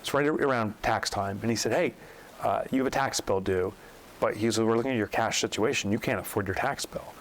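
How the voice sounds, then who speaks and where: Speaking at a mid pitch and a fairly quick pace, a male podcast guest who works as an author and business coach tells an animated story. He acts out the people he quotes, his voice shooting up when he's incredulous. The recording is low quality.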